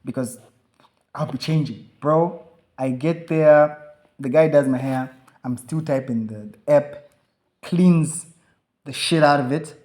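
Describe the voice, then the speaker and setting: A man telling a rambling, animated story on a podcast, swearing freely and acting out the lines of the people in it. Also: fairly high pitch, slow, long pauses. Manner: animated, swearing, acts out quoted dialogue. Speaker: podcast co-host. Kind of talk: casual storytelling chat.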